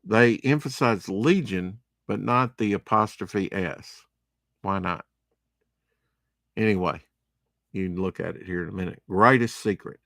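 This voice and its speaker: A man's voice: fairly low pitch, a little slow, vocal fry, pauses often, a bit bright, dry recording, clean studio sound. A man giving casual, rambling commentary while unboxing comic books, with chatty, opinionated asides. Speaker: comic book vlogger.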